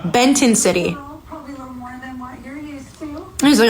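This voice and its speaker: A woman's voice: fairly high pitch, normal speed. A woman hosting a podcast, chatting casually and reacting aloud as she recaps a reality show, with lots of filler words. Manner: chatty, reacts aloud while watching, many "like"s. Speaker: podcast host.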